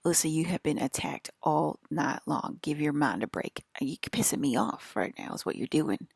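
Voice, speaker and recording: A woman's voice: low-pitched, lively intonation, normal speed, creaky, slightly rough, dry recording, studio quality. A woman with an American country accent, rambling in an agitated, profane and repetitive monologue as a vlogger.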